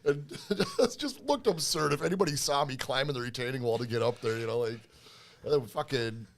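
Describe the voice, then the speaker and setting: A man's voice: mid-range voice, fairly quick. A man guesting on a podcast, chatting casually, swearing and laughing often. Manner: laughs often, profane and animated. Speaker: podcast guest, band member. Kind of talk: casual chat.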